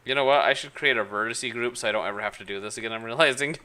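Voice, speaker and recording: A woman streamer chats casually as she works, thinking aloud and critiquing her own output. Her extremely low voice comes out rapid-fire, pushed and bright.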